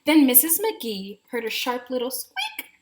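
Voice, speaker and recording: A woman teacher reads a rhyming picture book aloud with gentle asides to the children listening. Her voice sits a little high and carries an even storybook lilt, recorded at home. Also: measured pace, noisy background.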